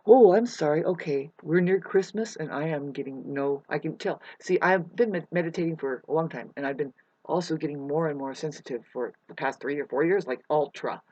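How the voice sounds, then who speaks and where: A woman's voice: low-pitched, a little fast, mellow, no echo, highs cut off. A woman rambling through a casual vlog monologue, drifting between topics, chanting wordless syllables and swearing now and then. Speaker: self-styled influencer. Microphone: webcam.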